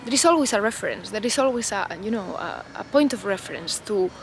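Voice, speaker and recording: A woman's voice: medium pitch, animated, quick pace, a little hiss or hum, rough recording. A woman vlogger talking unscripted to camera outdoors, in a loose, reflective way full of "you know" and "like".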